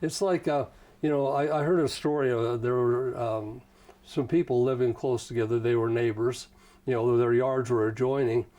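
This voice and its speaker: Mellow-voiced man telling folksy stories. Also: medium pitch, fairly even intonation, moderate pace. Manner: folksy, rambling, leans on "you know". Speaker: interview guest. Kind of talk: casual conversational storytelling.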